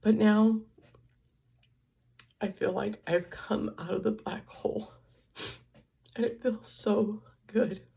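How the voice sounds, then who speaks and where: A woman's voice: medium pitch, fairly even intonation, takes it slowly, gravelly, pauses often, mellow, slightly rough. An older woman vlogging, speaking in an emotional, tearful and confiding way as she cries. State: crying. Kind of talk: personal vlog.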